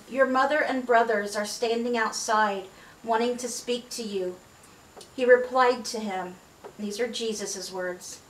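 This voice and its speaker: A woman with a fairly high voice reads scripture aloud at a measured pace and breaks off for casual, friendly asides. She sounds set back from the mic in an echoey room. A faint hiss sits under the recording. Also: recorded from a distance. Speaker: Bible reader. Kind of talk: Bible reading aloud.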